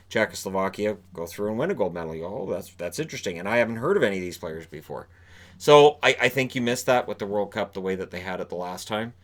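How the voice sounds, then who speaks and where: A man with a fairly low voice delivers his daily hockey news in a casual, unscripted way. He rambles and restarts his sentences as he goes. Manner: animated, rambling with repeated restarts. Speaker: hockey commentator.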